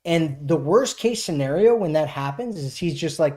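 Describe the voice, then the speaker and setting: A man's voice: fairly high pitch, lively intonation, moderate pace, darkish tone. A man hosting a casual live stream as a dating coach, answering chat questions in a loose, filler-heavy way and often tagging on "right?".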